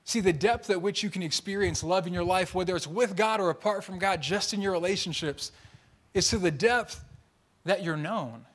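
A young man preaching a sermon, telling personal stories in a lively, animated way with playful mimicry. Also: sits high, normal speed. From Tongan and Mexican heritage. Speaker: pastor.

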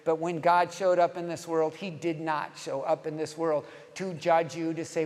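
A man's voice: on the high side, level tone, moderate pace, hardly any pauses, a little mellow. A man preaching a sermon as a pastor, emphatic, leading the congregation to repeat phrases with him. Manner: emphatic, leads congregation in call-and-response. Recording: long hall reverb.

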